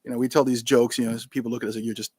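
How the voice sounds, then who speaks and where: Male podcast guest, casual storyteller, animated, does voices, dry close mic. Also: mid-range voice, racing, slightly rough, no echo. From New York. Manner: animated, acts out quoted voices, laughs often.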